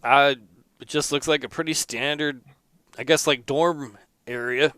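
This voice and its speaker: Bright-voiced man narrating as game master. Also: on the high side, fairly even intonation, measured pace, clear, resonant tone, no room sound. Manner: casual, chatty narration with fillers. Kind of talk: narrating a tabletop roleplay game.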